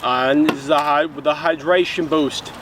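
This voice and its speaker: A goofy, over-the-top Australian bloke, as a man puts on a fake Australian accent for a comic drink review vlog. The voice sits a bit high and leans hard on the slang. Clear traffic noise runs underneath the outdoor recording. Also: fairly even intonation, moderate pace, close to an everyday voice.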